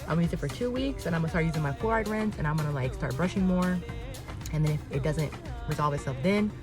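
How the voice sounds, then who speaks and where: Woman, low voice, casual vlog chat, blunt, profane, chatty, music in the background. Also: expressive, fast, rough recording. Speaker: dental hygienist vlogger. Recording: music playing behind.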